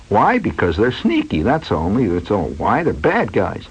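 A man's voice: on the low side, huge pitch swings, slow pace, husky. A man hosting a rambling radio monologue from a studio, a wry storyteller musing aloud with asides and fillers, heard on a dull lo-fi old broadcast. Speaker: radio host.

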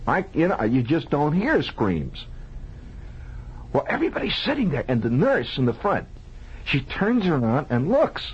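Husky, animated male radio storyteller. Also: on the high side, measured pace. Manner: animated, conversational, asks the audience questions, sound effects with mouth. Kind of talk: improvised comic storytelling monologue. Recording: lo-fi old radio broadcast.

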